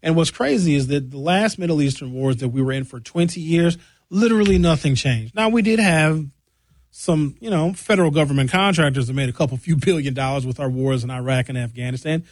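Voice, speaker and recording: An American man delivering a sarcastic, animated comedic rant with a mocking edge. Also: fairly high pitch, brisk, no echo, rough recording. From United States.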